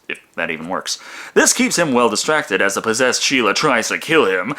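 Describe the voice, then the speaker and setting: A man delivers a comedic movie review, narrating with sarcasm and plenty of profanity. His bright, forward voice leaps around a lot in pitch.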